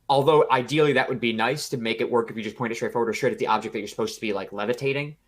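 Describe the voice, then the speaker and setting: A man co-hosting a podcast, telling a story in a casual, profane, animated way with acted-out quotes. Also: mid-range voice. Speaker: podcast co-host.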